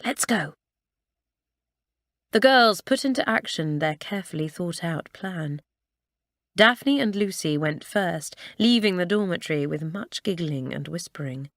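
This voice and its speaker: This audiobook narrator is a woman reading a children's school story in a measured, expressive storytelling style. Her voice runs on the low side, and the clean studio recording has no room sound.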